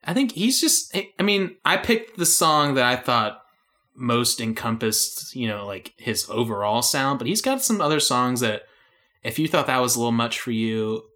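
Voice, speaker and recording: Bright-voiced rambling young man. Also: medium pitch, expressive, normal speed. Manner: rambling, restarts phrases, laughs often. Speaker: podcast co-host. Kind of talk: casual music chat.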